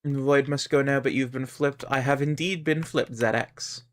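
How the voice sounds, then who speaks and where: A man's voice: medium pitch, steady tone, normal speed. A man with a Canadian accent chatting casually while streaming a game, rambling and musing aloud. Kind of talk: casual gaming stream chat.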